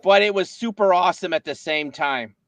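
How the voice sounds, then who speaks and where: A man's voice: high-pitched, brisk, a bit bright, dry recording, low-quality recording. A man hosting a livestream, chatting casually and playfully with a co-host. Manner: playful, jokey banter.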